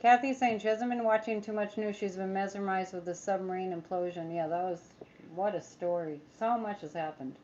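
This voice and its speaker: A woman's voice: medium pitch, steady tone, fairly quick, a little mellow, lo-fi sound, slight background noise. A woman psychic chatting casually on a livestream, rambling, reading viewer comments aloud and making sarcastic asides. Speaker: psychic tarot reader.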